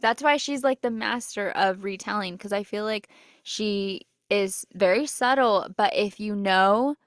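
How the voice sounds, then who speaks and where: A woman's voice: mid-range voice, a little slow, no echo, studio quality. Enthusiastic young woman podcast co-host. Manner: enthusiastic, chatty. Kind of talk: casual book chat.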